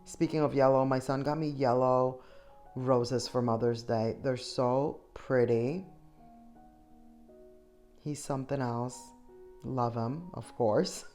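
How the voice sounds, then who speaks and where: A woman's voice: rumbling low, slow pace, long pauses, warm tone, faint music behind. A middle-aged woman chatting enthusiastically to viewers as she shops, talking to them directly. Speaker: shopping vlogger. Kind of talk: casual shop-with-me voice-over.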